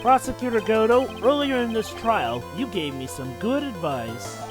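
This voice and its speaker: A man's voice: high-pitched, animated, moderate pace. A man voicing an earnest young male defense attorney who builds his points with emphasis, with game music underneath. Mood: insistent.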